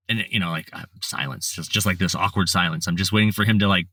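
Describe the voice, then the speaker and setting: Podcast guest, male, low voice, casual rambling storyteller full of fillers; dry, slightly off-mic sound. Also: steady tone, brisk, few pauses, pushed and bright, dry recording, recorded from a distance. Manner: rambling, many fillers and restarts.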